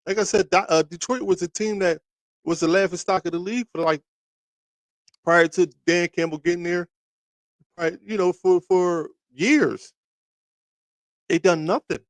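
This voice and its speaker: A man's voice: high voice, unhurried, pauses often, no room sound. A man hosting a casual sports talk livestream, rambling and trash-talking as he answers viewers in the chat, with many restarts.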